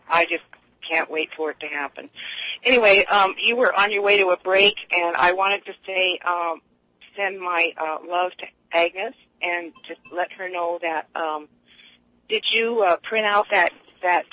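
A woman's voice: on the low side, steady tone, moderate pace. A woman calling in to a radio show, telling long rambling stories with many restarts. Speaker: caller. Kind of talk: casual radio call-in chat. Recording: dull lo-fi line, dry.

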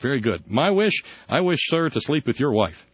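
A breezy, smug modern genie, played by a man telling a joke. His voice sits in a middling pitch. The recording is dull and dry, like an old radio line. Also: very animated, normal speed, slightly rough, no echo. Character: smooth, cheeky modern male genie in pajamas.

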